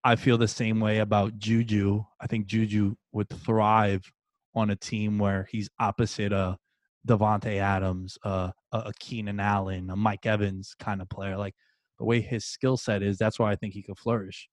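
A man hosting a casual sports talk show, loose and jokey, with animated bursts of emphasis. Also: fairly low pitch, normal speed, dry recording. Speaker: podcast host.

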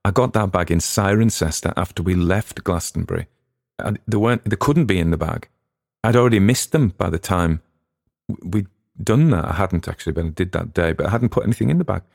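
A deep, darkish voice with vocal fry belongs to an English podcast host and reader who talks animatedly and briskly. His casual chat rambles and digresses with frequent restarts, recorded with studio quality and no echo.

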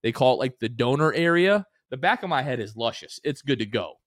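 A young man in his twenties co-hosts a casual sports podcast, telling stories with animated energy and jumping high in pitch when he acts out other people's lines. His voice sits at a middle pitch and is recorded dry and close to the mic. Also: a little fast, no room sound. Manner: animated storyteller, acts out quotes with big pitch jumps. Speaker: podcast co-host.

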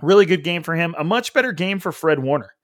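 A man's voice: fairly high pitch, animated, fast talker, no echo, clean studio sound. A man hosting a sports podcast, breaking down a football game in a casual, conversational way with frequent restarts. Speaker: podcast host.

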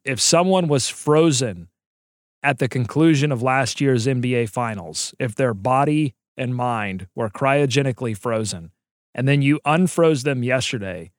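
A man co-hosting a sports podcast in an animated, joking way. His voice sits at an ordinary pitch and swings up into bursts of excitement. The sound is close and dry. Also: no room sound. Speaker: podcast co-host. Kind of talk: casual sports podcast chat.

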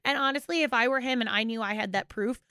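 A woman co-hosting a podcast in casual comedic chat, animated and crude, often acting out quotes. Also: fairly high pitch, fast, smooth, no room sound, clean studio sound. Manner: animated, crude, acts out quotes in put-on voices. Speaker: podcast co-host.

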